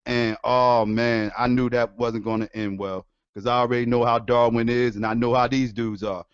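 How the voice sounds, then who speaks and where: A man ranting on his stream in a casual, profane, animated way, laughing often. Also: mid-range voice, moderate pace, clear, resonant tone, no echo. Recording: dull lo-fi dry sound.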